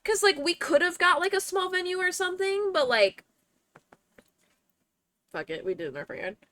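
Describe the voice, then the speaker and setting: Young woman, casual livestream chatter, sweary and giggly, bouncy higher voice, dry close sound. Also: normal speed, no room sound. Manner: chatty, swears freely, bursts into excited squeals and laughter. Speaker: streamer.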